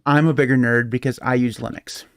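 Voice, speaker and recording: A man's voice: medium pitch, fairly even intonation, fairly quick, clear, resonant tone, no room sound, clean studio sound. A man co-hosting a podcast in a casual, rambling way, chuckling often between points. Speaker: podcast co-host. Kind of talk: casual tech chat.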